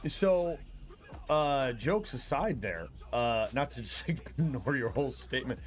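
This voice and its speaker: A man's voice: mid-range voice, expressive, measured pace. Laid-back guy gaming with a friend, hedgy casual chat, faint music behind. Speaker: co-op gaming guest.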